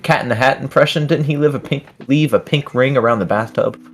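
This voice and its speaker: A man's voice: medium pitch, a little fast, a little hiss or hum. A man hosting a live trading stream, chatting casually while reading viewer comments aloud and laughing often. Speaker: livestream host.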